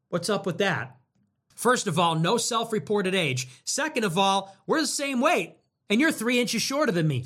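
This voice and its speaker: A young man with a high, lively voice hosts a casual livestream. He riffs in a mocking, animated way and repeats phrases in quick bursts. His pitch swings widely as he goes. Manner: animated, mocking, riffing in rapid repetitions. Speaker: livestream host.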